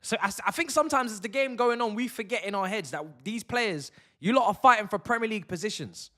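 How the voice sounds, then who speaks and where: A man's voice: high-pitched, lively intonation, fast talker, bright, forceful tone. A young man chatting through a live football watch-along, full of slang and banter with his chat.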